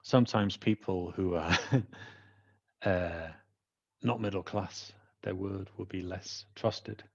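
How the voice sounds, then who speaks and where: A low-voiced Welsh man recounts a personal anecdote and acts out the people he talks about. The recording is dull and lo-fi, as if from a modest home setup. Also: slow. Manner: animated, acts out the people he quotes. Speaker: trainer. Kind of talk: personal storytelling monologue.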